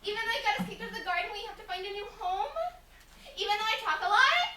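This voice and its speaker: A woman's voice: extremely high pitch, rapid-fire, sharp tone, slight background noise. Eve, a woman playing a chatty, anxious wife. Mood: tearful. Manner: pleading, emotional, nagging. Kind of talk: stage acting in a class showcase. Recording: roomy hall from far off.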